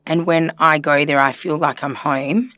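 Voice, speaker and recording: A woman's voice: sits low, fairly even intonation, measured pace, a bit bright, dry recording. A woman therapist talking earnestly and reflectively in a casual podcast conversation, chatty with filler words. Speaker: systemic therapist guest.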